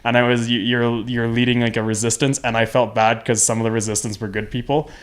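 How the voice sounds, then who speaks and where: A man's voice: medium pitch, level tone, fast. Young guy co-hosting a gaming podcast, kinda rambly, keeps restarting his sentences. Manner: rambling, self-correcting. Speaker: podcast co-host. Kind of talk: casual chat.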